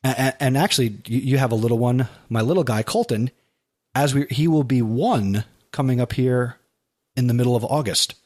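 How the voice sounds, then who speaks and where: A man hosting a podcast in casual chat, who slows down to spell out web addresses. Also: medium pitch, darkish tone. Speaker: podcast host.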